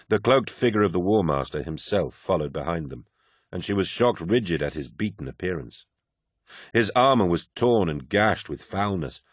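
Low-voiced guy narrating an audiobook, measured and dramatic, dry close mic. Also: slightly rough, dry recording. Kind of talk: scripted narration.

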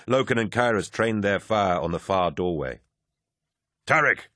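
A man narrating an action-heavy audiobook in a measured, grave delivery. His voice is very deep, and the recording is dry and close with no room sound. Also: animated, no echo. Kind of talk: scripted narration.

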